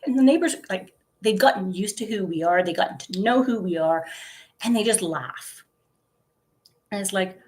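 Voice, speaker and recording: A woman's voice: medium pitch, expressive, normal speed, a little mellow, a little hiss or hum. A woman in her fifties chatting casually to the camera, telling stories with giggles and lots of fillers. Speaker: vlogger. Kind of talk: casual chat.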